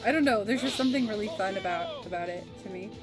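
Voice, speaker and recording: A woman's voice: mid-range voice, fast talker. Chatty woman streamer over game music. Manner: chatty and reminiscing, laughs easily. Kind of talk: casual gaming stream chat.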